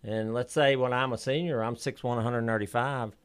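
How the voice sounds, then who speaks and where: A man's voice: mid-range voice, steady tone, a little fast, smooth. A man as a radio interview guest, earnestly explaining a youth football program.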